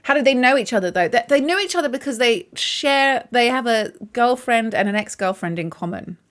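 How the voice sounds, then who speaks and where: A woman's voice: on the high side, lively intonation, brisk, fairly bright tone. A British woman live-streaming a courtroom game, chatty and self-mocking, laughing often. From Britain.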